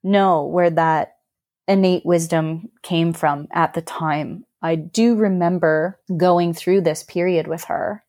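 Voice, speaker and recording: A woman's voice: fairly low pitch, steady tone, takes it slowly, a little mellow, no room sound, studio quality. A woman on a podcast, earnestly telling a personal story in a reflective, emotional way. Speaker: podcast guest.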